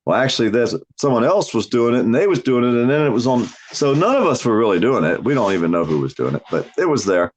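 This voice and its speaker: A man's voice: medium pitch, very animated, fast, hardly any pauses. A man ranting bluntly on a casual livestream, swearing heavily and mocking people. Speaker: livestream host. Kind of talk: profane casual livestream chat.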